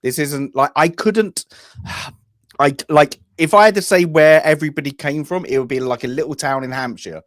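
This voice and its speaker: A man's voice: fairly high pitch, moderate pace, dry recording. English guy rambling about a movie, lots of restarts, dry close mic. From England. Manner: rambling, many restarts and hedging asides. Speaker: film review panelist. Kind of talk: casual film discussion.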